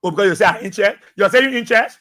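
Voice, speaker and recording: Man, Liberian English accent, very high voice, impassioned radio commentary, repeats himself for emphasis. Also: rapid-fire, bright, forceful tone. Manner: fiery, preachy, repeats phrases for emphasis. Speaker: radio talk show host.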